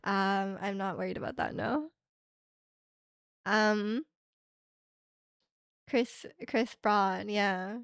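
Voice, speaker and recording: A young woman from Canada streaming live, chatting casually and reading her chat aloud, rambling with lots of filler words and quick laughs. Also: medium pitch, steady tone, a bit bright, clear, resonant tone, no echo, studio quality. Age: young adult. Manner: rambling, heavy use of "like" fillers, frequent laughs.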